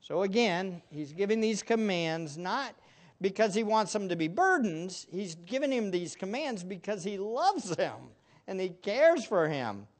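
A male pastor preaching a sermon to a congregation, stressing words emphatically and then dropping into soft asides. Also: sits high, big pitch swings, a little slow. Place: church room with a congregation.

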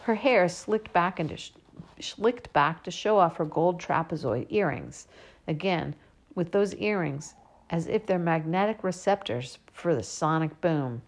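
A woman reading a first-person storybook aloud, giving the young girl narrator a lively voice. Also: fairly low pitch, measured pace. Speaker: audiobook narrator.

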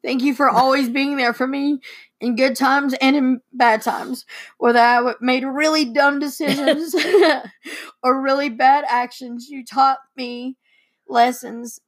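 A woman's voice: high voice, steady tone, unhurried. A young woman, a daughter co-hosting, reading heartfelt letters aloud and fighting back tears. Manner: tearful, emotional reading. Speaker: co-host and daughter.

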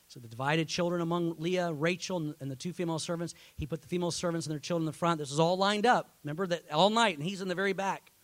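A man preaching a sermon as pastor, telling a story that swells into loud, impassioned peaks. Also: a little high, no room sound.

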